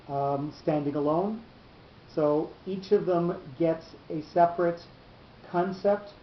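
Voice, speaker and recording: A man teaching a cantillation class, explaining slowly with long pauses. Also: fairly high pitch, a little hiss or hum. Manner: patient, explanatory, drawn-out pauses. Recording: echoey room, muffled lo-fi sound.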